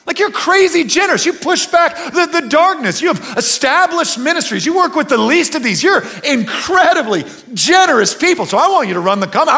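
A middle-aged man, preaching a conversational sermon that swings from quiet and earnest to loud, animated bursts. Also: very high voice. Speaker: pastor.

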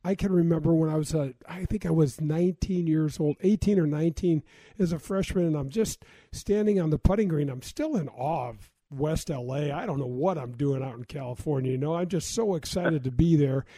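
A man's voice: on the high side, a little fast, dark tone, no room sound. A man in his sixties, an interview guest, telling reflective stories with many false starts. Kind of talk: conversational interview.

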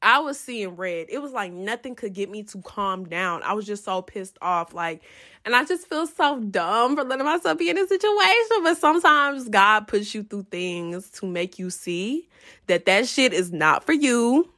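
A woman's voice: medium pitch, normal speed. A young woman casually telling a profane storytime straight to her viewers. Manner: animated, profane, addresses viewers as y'all.

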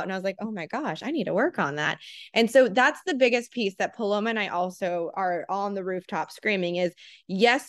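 A woman's voice: medium pitch, dry recording. Earnest woman with a dry close sound. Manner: earnest, animated, acts out quoted voices. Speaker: parenting program co-founder, guest. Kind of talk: casual podcast conversation.

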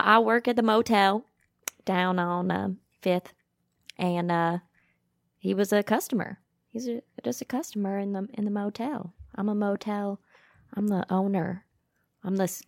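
A woman's voice: medium pitch, no room sound, studio quality, lightly acted. A woman playing a flustered, rambling middle-aged motel co-owner in a tabletop murder mystery game. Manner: rambling, self-correcting, nervous.

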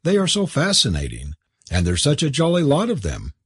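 A husky-voiced man reading aloud, voicing a teasing, mischievous young woman. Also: medium pitch, wildly swooping pitch, normal speed, no echo, clean studio sound, voice pushed up. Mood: playful. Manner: teasing, playful.

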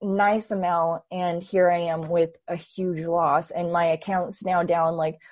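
A woman in her twenties, a guest telling her story in a casual, animated way and acting out her own past thoughts. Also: fairly low pitch, measured pace, no echo. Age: 20s. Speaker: interview guest.

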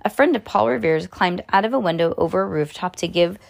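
A woman's voice: on the low side, fast talker, gravelly. A woman reading a children's book aloud to her child, breaking off for chatty, amused asides.

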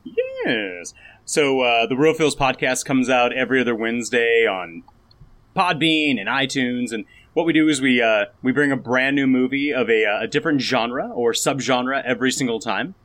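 A man's voice: medium pitch, moderate pace, a bit bright. A man appearing as a podcast guest over a video call, chatty with many fillers.

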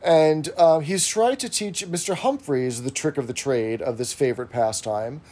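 A man on a podcast, casually recapping an episode in a steady, explanatory way. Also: fairly high pitch, moderate pace. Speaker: podcast co-host.

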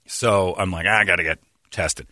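A man's voice: sits low, fairly even intonation, normal speed, sharp tone, no echo. A man hosting a sports talk radio show, rambling and sarcastic as he tells stories on a studio mic. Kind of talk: casual sports radio banter.

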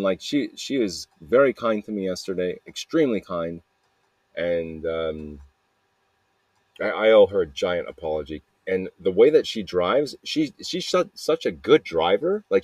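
A man's voice: low voice, lively intonation, unhurried, a little mellow, slightly rough, dry recording. A man talking in a casual, rambling confessional monologue, repeating himself and tossing in "man" and "dude" with plenty of swearing. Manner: rambling and repetitive, peppered with "man" and "dude", profane. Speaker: podcaster sending a voice message.

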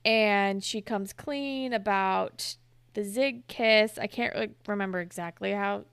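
Higher gravelly woman recapping TV. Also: dry recording. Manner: animated, acts out quoted characters, swears and laughs. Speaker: podcast co-host. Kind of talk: casual chat recapping a TV episode.

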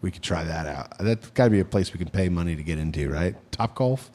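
An American man with a low voice co-hosts a podcast, talking briskly in casual, jokey banter. He breaks into loud outbursts of mock indignation.

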